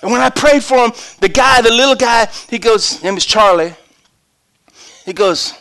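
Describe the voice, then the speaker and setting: An older man, a pastor, preaching a sermon with animated storytelling that swings between loud and hushed. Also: very high-pitched, moderate pace, gravelly.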